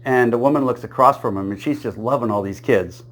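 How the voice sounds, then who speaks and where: A man delivers joke after joke briskly in a medium-pitched, slightly bright voice. His storytelling is plain, he chuckles at his own punchlines, and he switches briefly into small character voices when quoting.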